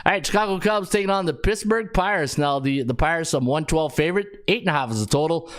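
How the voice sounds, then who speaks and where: A man's voice: on the high side, lively intonation, quick pace. A middle-aged man with a Canadian accent hosting a sports betting podcast, chatting to viewers by name between rattled-off stats. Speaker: host, sports handicapper.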